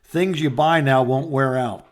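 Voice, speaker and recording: A man's voice: mid-range voice, a little slow. A man co-hosting a podcast over a phone call, dryly reading out a list of jokes and chuckling. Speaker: podcast co-host. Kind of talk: casual phone chat.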